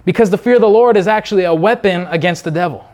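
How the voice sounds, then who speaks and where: A man preaching an unscripted sermon, fervent and repetitive, breaking into quick voices of the people he describes. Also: high voice, a little mellow, highs cut off.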